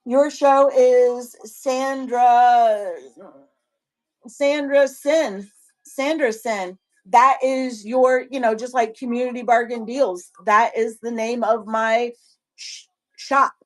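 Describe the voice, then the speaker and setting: Slow-talking Southern woman. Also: fairly high pitch, steady tone. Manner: rambling, repeats words and restarts. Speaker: livestream seller coaching other sellers. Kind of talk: casual livestream chat.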